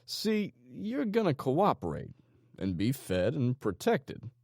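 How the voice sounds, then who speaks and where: A calm, menacing gang leader talks in a slow, coaxing way, as a male narrator voices him. The voice sits higher than the narrator's deep natural tone and keeps a lively lilt. The recording is dry and close. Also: vocal fry, no echo, full character voice. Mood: calm menace.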